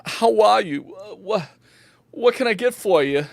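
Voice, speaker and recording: A woman voicing an excitable male tavern bartender who gushes with astonishment. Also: unhurried, gravelly, no echo. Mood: gushing. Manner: gushing, astonished, high-pitched.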